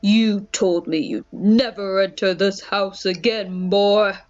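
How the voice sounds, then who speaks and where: A woman's voice: mid-range voice, steady tone, takes it slowly, dull audio, close to an everyday voice. Woman doing a bitter, stern old father. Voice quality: quiet and bitter tone. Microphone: headset.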